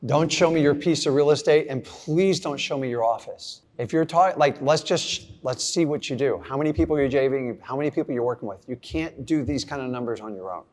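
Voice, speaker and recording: A man's voice: mid-range voice, brisk, hardly any pauses, darkish tone. A middle-aged man giving a blunt, casual motivational talk to a live audience, acting out little scenes. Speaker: real estate investor speaking to an audience.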